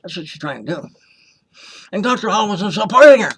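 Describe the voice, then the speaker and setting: A man with a fairly high voice gives a personal testimony about his time as a hospital patient. He talks with passion and accusation, and circles back to repeat his points. He switches into other people's voices as he retells conversations. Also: expressive, fairly quick, fairly bright tone, husky. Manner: impassioned and accusing, repeats himself, acts out quoted voices.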